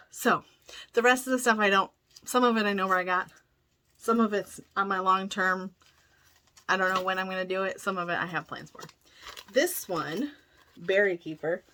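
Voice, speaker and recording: A woman's voice: fairly low pitch, gravelly, pushed and bright, a little hiss or hum. A middle-aged woman chatting casually as a cross-stitch vlogger, enthusiastic and full of self-corrections. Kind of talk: casual chat showing a haul.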